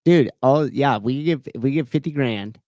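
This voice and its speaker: A man's voice: medium pitch, normal speed, darkish tone, dry recording, clean studio sound. A man co-hosting a podcast, chatting in a laid-back, slangy, agreeable way. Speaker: podcast co-host. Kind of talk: casual chat.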